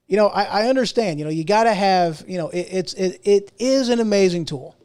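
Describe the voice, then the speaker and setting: A man's voice: sits high, fairly quick, a little mellow, clear, resonant tone. A middle-aged man hosting a podcast, ranting casually on his own, rambling and restarting his sentences with self-mocking asides. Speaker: podcast host. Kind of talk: casual solo rant.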